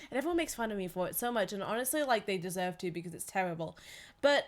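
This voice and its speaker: Animated young woman with an accent, slightly high voice, telling work stories on a podcast. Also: quick pace, slight background noise. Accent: non-local accent. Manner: animated, jumps into high voices when quoting. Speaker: podcast co-host. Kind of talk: casual chat and storytelling.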